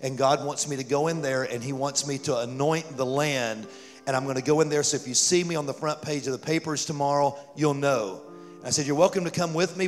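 A male pastor telling a story in a sermon, animated and rising to loud fervor. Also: fairly high pitch. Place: church sanctuary. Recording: church hall reverb with music.

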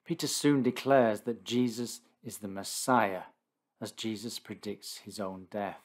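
A man narrating a condensed Bible reading in a steady, deliberate scripted style. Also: on the low side.

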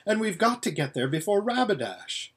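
A man voicing a brisk, proud, impatient girl of noble upbringing in a storybook reading, urgent and clipped. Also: high voice, big pitch swings, slightly rough, voice pushed up, full character voice.

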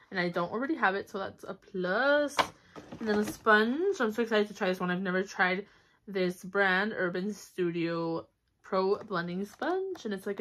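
A woman's voice: medium pitch, a bit bright, slight background noise. Chatty young woman filming a haul. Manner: chatty, upbeat, with fillers and little squeals of delight. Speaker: vlogger. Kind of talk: casual haul vlog chat. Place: home, indoors. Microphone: camera on a stand.

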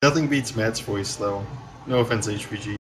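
A man's voice: lowish voice, moderate pace. A man playing a tabletop role-playing game, talking casually and joking with the table. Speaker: player.

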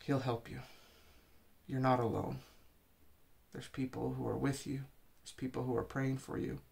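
A man's voice: medium pitch, level tone, moderate pace, creaky, darkish tone. A man preaching an informal sermon, urging listeners with earnest, repeated exhortations.

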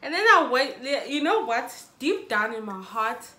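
A woman's voice: a little high, sing-song, a little slow, sharp tone, reverberant. A young South African woman telling a dramatic storytime to her viewers. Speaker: YouTuber. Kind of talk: storytime vlog.

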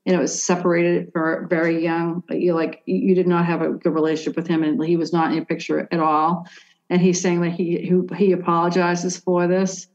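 A woman with a lowish voice works through a psychic reading, hesitating, restarting and leaning on "like" as she goes. The sound is dull and lo-fi. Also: monotone, fairly quick, darkish tone. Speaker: psychic medium. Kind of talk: conversational reading for a sitter.

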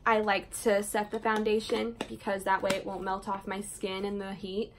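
A woman's voice: medium pitch, monotone, normal speed, slight background noise. A young woman with a Southern US accent chats her way through a makeup routine at home. She rambles from one thing to the next in a loose, easygoing way, breaking off into little asides. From Southern Indiana, USA. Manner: chatty, rambling, frequent laughs and asides. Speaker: beauty vlogger. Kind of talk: casual chat while doing makeup. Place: indoors at home, doing makeup.

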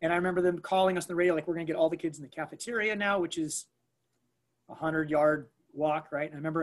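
A man with a slightly higher-than-usual voice tells a story in a relaxed interview. He stumbles and restarts often and drops in lots of fillers. He lifts his voice to act out what people said. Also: quick pace. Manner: animated, lots of fillers and restarts, acts out quoted lines. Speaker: school staff member recounting an emergency.

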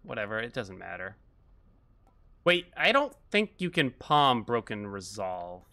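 A man's voice: on the low side, big pitch swings, unhurried, creaky, bright, forceful tone. A man streaming a game, chatting casually and reacting aloud as he plays. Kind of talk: casual gameplay commentary.

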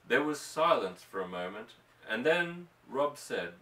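Male storybook narrator, even and unhurried, mid pitch, recorded far off in a roomy space. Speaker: audiobook reader. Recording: roomy, distant mic.

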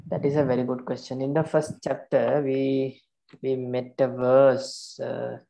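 A man teaching meter in an online class, explaining slowly and repeating his terms. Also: medium pitch, level tone, gravelly, warm tone. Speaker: Pali teacher.

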